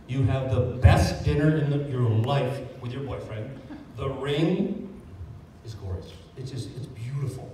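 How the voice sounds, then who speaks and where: Energetic man in an echoey hall. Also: mid-range voice. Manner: energetic, jokey, addresses the audience directly. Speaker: sales trainer. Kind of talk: motivational sales training talk. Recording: echoey hall, distant mic, faint room noise.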